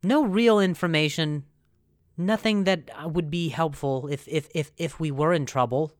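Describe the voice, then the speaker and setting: A man's voice: on the high side, moderate pace, dry recording, studio quality. Rambling man telling a comic story. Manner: rambling, filler-heavy, self-mocking. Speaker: podcast host. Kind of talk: comedic storytelling.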